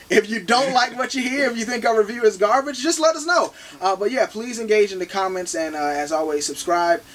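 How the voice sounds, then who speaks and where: High-voiced animated male co-host. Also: distant mic, a little hiss or hum. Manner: animated, playful, talks fast with restarts. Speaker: movie review podcast co-host. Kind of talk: casual chat.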